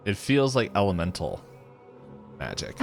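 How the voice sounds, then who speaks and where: A man's voice: lowish voice, sing-song, measured pace, creaky, soft background music. A man running a tabletop role-playing game as game master, laughing often between rulings.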